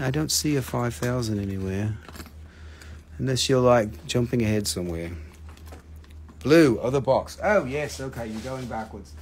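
A man hosting a live stone sale stream, joking and rapidly reading out prices and item codes. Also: medium pitch, darkish tone, a little hiss or hum. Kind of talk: live stream sales chat.

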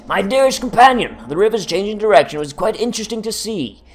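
A man's voice: high-pitched, expressive, fast, voice pushed up. A man voicing a shy, polite young woman who writes formal, apologetic letters in a video game.

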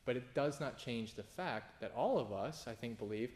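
A man, a pastor, giving an informal sermon, often restarting phrases and jumping into sudden emphatic high bursts. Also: animated, normal speed, darkish tone. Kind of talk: conversational sermon.

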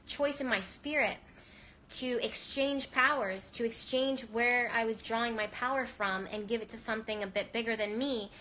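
A spiritual reader hosting a live stream gives an emotional monologue, crying as she talks earnestly and rambles with many restarts, her voice shaking with tears. Her pitch is fairly high and a bit bright, with a little hiss or hum in the recording.

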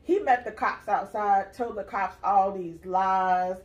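A woman's voice: mid-range voice, takes it slowly, lo-fi sound. A woman hosting her channel, telling a personal story in casual chat with an emphatic, direct manner. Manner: emphatic, storytelling, addresses viewers as y'all. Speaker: channel host, mother.

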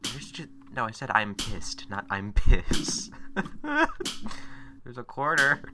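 A man's voice: mid-range voice, wildly swooping pitch, takes it slowly, very noisy. A man giving let's play commentary, exasperated and swearing as he talks to himself. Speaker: gameplay commentator. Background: game music.

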